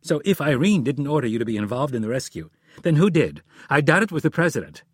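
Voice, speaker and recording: A man voicing a furious, sharp-tongued wife in an audiobook, speaking in a raised, sarcastic and snapping manner. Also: mid-range voice, sing-song, quick pace, breathy edge, no echo, studio quality, voice pushed up. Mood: mocking.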